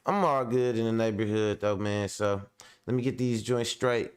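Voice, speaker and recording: A man's voice: on the low side, normal speed, clear, resonant tone. A man hosting a casual live stream, talking in a loose, rambling, slangy way and laughing often, a little under the weather. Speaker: host of a commentary stream.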